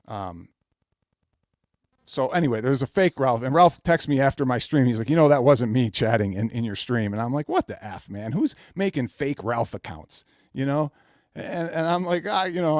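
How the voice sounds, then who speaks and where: A man's voice: medium pitch, dry recording, studio quality. A man hosting a livestream, rambling through stories and reading out chat messages. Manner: rambling, animated storytelling, reads chat aloud. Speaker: livestream host.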